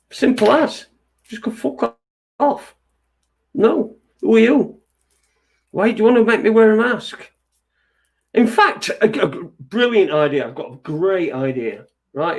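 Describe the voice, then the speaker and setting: Guy ranting on his radio show, swears a lot, keeps restarting, voice a bit high. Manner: sweary, agitated, rambling with many restarts. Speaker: internet radio host. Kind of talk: ranting monologue.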